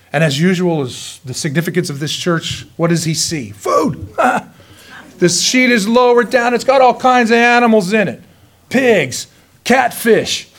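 A male pastor preaching a sermon in a folksy, joking way, telling stories lively and chuckling often. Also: high-pitched. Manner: lively storytelling.

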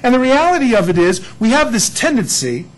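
A man's voice: very high-pitched, sing-song, brisk, low-quality recording. A man preaching a sermon in church, a folksy and joking storyteller. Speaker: pastor.

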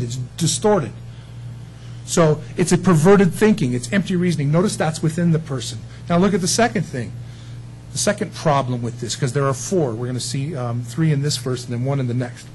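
A man's voice: fairly high pitch, a little hiss or hum, rough recording. A man preaching a sermon, emphatic and folksy, often asking his listeners questions.

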